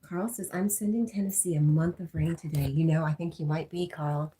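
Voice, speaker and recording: A congested woman hosting a casual livestream, chatting and reading viewer comments aloud, often dropping to a soft whisper. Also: low voice, steady tone, brisk, slight background noise. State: congested from allergies. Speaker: livestream host.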